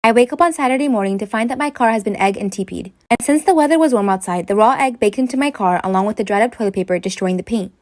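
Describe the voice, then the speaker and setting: This is a woman narrating a storytime in a brisk first-person read. Her voice sits a little high and moves quickly. The sound is close and dry. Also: a little mellow, no echo. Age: late 20s.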